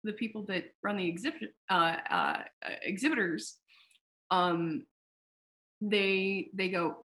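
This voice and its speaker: A woman founder talking casually in an interview, telling a story with animated, acted-out quotes and casual swearing. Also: medium pitch, a little slow. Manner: animated storyteller who acts out quoted dialogue. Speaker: founder of a sex tech company, podcast guest.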